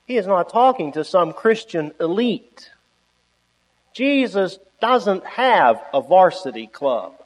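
A man's voice: sits high, very animated, takes it slowly, long reverb tail, rough recording. A man preaching a sermon, stressing key words with sudden rises and stretching out his phrases.

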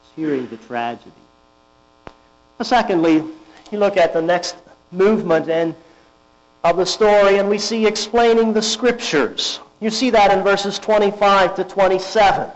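High-voiced preacher, lo-fi humming recording. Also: male voice, expressive. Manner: deliberate, emphatic, rhetorical questions. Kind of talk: sermon. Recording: dull lo-fi with mains hum.

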